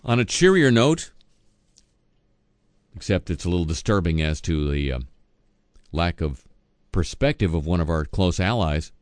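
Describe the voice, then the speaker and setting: A man's voice: rumbling low, normal speed, darkish tone, clean tone, dry recording. A man reading satirical news as host, dropping sardonic, wisecracking asides between items.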